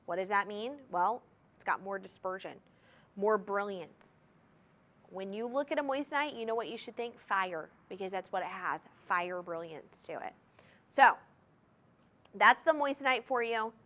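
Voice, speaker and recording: A woman hosting a shopping channel, giving an enthusiastic live sales pitch for jewelry and talking straight to viewers in a TV studio. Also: moderate pace, fairly bright tone. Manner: enthusiastic, chatty, addresses viewers directly. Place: TV studio with controlled lighting.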